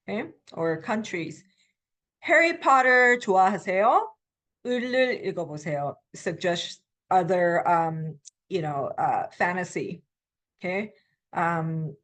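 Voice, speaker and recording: A woman's voice: fairly low pitch, fairly bright tone. Patient woman teaching a language lesson. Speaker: Korean language instructor. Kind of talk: recorded online lecture.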